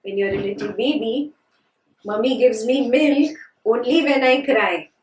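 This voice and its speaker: A woman's voice: fairly high pitch, measured pace. A woman teaching a scripture class, asking her students questions and repeating key phrases. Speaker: spiritual teacher. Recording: echoey room from a distance.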